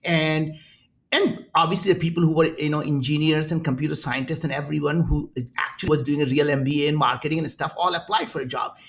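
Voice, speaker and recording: Indian man in his 60s, entrepreneur guest, lively anecdotes with acted-out voices. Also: fairly high pitch. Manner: animated, acts out quoted voices in his stories. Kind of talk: storytelling in an interview.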